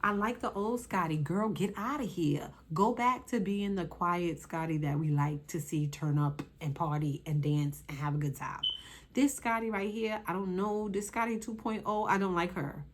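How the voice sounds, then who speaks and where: A woman's voice: on the low side, normal speed, noisy background. A young woman hosting her channel and reviewing a reality show in casual, sassy talk, exclaiming and scolding the cast directly.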